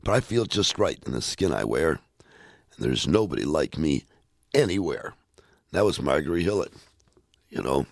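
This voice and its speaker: A man hosting a radio show, reading children's poems aloud in a playful, expressive way. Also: extremely low pitch, normal speed, vocal fry, pauses often, no room sound, clean studio sound.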